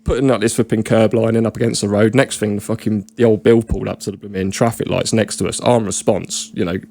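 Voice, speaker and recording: A man's voice: on the low side, fairly even intonation, fast, creaky, dark tone, no echo. A young English man telling a long work story in casual podcast chat, swearing freely, rambling and laughing often. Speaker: podcast guest and regular.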